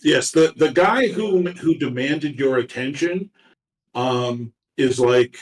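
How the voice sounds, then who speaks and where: A man narrating a tabletop game as game master, talking haltingly with many fillers and restarts. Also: medium pitch. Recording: roomy echo, far from mic.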